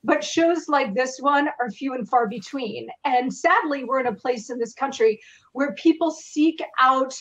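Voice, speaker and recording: A woman guest commentator speaking remotely in an interview, arguing fluently and forcefully. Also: high voice, unhurried. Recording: dull remote line.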